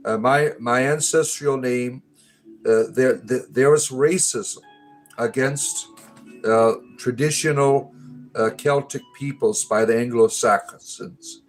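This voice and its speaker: A man's voice: medium pitch, steady tone, slow, soft background music. A man hosting a livestream, chatting casually and jokingly with viewers in a rambling way with many fillers and restarts. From United States. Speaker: livestream host.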